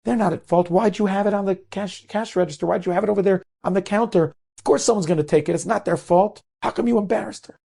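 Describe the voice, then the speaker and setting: A man's voice: sits high, fast talker, creaky, few pauses, dark tone, husky, pitched above the performer's own voice, exaggerated voice. A man voicing a firm, fair-minded male store manager in a spoken story. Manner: firm, reasoning.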